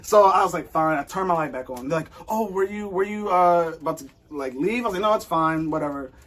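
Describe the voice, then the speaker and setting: A man sharing a personal faith story in casual conversation, animated and acting out his own thoughts and the lines of others. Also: fairly high pitch, fairly quick. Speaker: guest.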